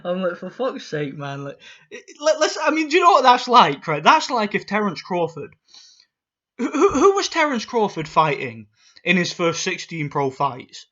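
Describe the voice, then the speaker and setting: A man in a casual vlog rant, swearing freely and tripping over repeated words. His voice sits a little high and sounds bright and sharp. The audio is dull and lo-fi. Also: huge pitch swings, normal speed. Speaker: boxing YouTuber.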